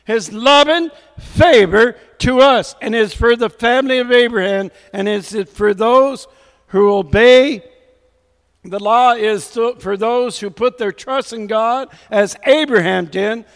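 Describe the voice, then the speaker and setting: High-voiced preacher man, slow and exhorting. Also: vocal fry, in a large hall. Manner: exhorting, repeats "come on" to rouse the congregation; reads scripture aloud with emphasis. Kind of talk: sermon.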